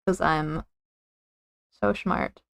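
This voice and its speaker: A woman's voice: low-pitched, steady tone, extremely slow, creaky. A woman chatting casually on a live stream, giggling often and rambling with lots of fillers and self-corrections.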